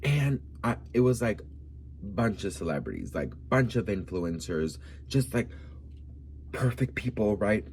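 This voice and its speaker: A man's voice: lowish voice, sing-song, measured pace, a little mellow, slight background noise. A man of Colombian background from Miami, telling a gossipy story in a sassy, campy vlog style and calling the viewer "girl.". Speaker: vlogger.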